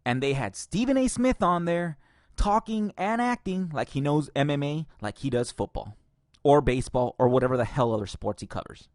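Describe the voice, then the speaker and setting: A man's voice: a little high, expressive, moderate pace, no echo, studio quality. A man hosting a podcast, ranting angrily and profanely with sarcastic laughs. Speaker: podcast host.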